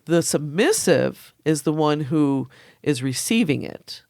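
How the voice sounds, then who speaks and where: A woman talking openly as a podcast guest, laughing often and sometimes rushing through her words. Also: low-pitched, expressive, vocal fry, a little mellow, no room sound, studio quality. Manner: candid, laughing, fast bursts. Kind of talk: casual chat.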